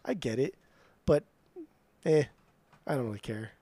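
A man with a warm, husky voice and lively intonation speaks a little slowly, with no room sound, while co-hosting a music podcast. Arguing album rankings in casual, heated banter, he rants in mock outrage, swears frequently, and parodies his co-host in a higher voice.

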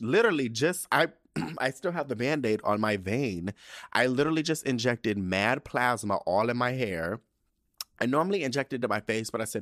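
A young man hosting a podcast in sassy, campy casual chat, cursing freely and swinging between low mumbles and high squeals. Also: a bit bright, no echo, clean studio sound. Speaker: podcast host.

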